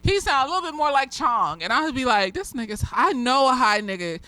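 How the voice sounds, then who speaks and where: Tipsy woman, casual TV recapper, higher-pitched, bright and punchy tone, rambling and profane. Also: very animated, brisk, no room sound, low-quality recording. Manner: rambling, profane, laughs often. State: slightly tipsy. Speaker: TV episode reviewer.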